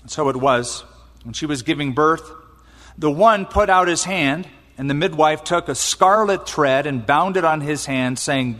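A male preacher retelling scripture in a sermon, animated and exclaiming as he acts out quotes. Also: a little high, unhurried. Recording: long reverb in a large hall.

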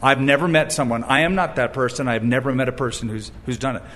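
A man preaching a sermon, animated and storytelling, who acts out the voices he quotes and breaks in with wry asides. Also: mid-range voice, quick pace, in a large hall. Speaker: pastor.

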